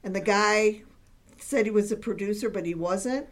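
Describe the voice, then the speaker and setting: A woman's voice: mid-range voice, moderate pace. A woman co-hosting a podcast, chiming in with jokes and laughter in casual chat.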